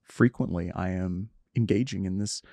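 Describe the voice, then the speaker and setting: A man's voice: low voice, moderate pace, dark tone, no room sound. A middle-aged man in reflective conversation, earnest and self-searching, often trailing off and restarting his sentences.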